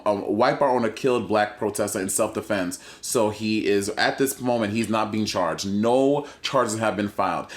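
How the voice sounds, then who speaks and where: Earnest, halting man on a podcast. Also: fairly low pitch. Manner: earnest, halting, repeats words when emotional. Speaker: podcast co-host. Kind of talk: emotional podcast discussion.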